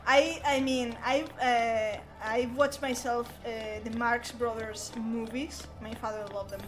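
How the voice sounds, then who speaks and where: A woman with a Spanish accent talks loosely on a game stream. Her voice sits high, and she keeps pausing, adding fillers and restarting her sentences. Clear music plays behind her. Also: fairly even intonation, poor audio. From Spain. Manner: hesitant, many fillers and restarts. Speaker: stream co-host. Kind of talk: casual chat on a game stream.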